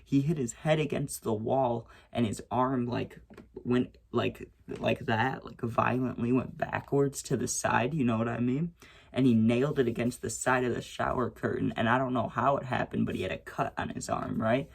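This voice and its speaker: A young man tells a story in a loose, rambling way, checking in with "right?" after nearly every point. His voice is gravelly with a husky edge at an ordinary pitch. He swears casually and raises his voice when he acts out what was said. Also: steady tone, normal speed. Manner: rambling, frequent "right?" and "you know what I'm saying"; swears freely, acts out shouted quotes.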